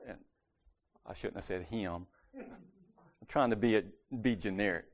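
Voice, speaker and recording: A man giving a casual, conversational sermon at a church meeting, correcting himself and joking lightly as he goes. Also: lowish voice.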